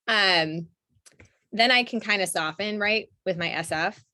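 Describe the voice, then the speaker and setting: A woman talking as an interview guest, animated and laughing often, with many restarts. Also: mid-range voice, unhurried. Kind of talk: casual conversation.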